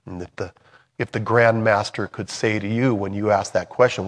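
A man preaching a sermon in a conversational way, swinging from loud emphatic bursts to soft, hushed lines. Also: on the low side, steady tone, moderate pace.

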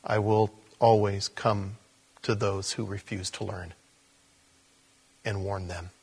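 Husky-voiced man preaching. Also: lowish voice, fairly even intonation, slow. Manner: storytelling, swinging from quiet asides to loud emphatic peaks. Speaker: pastor. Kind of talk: sermon.

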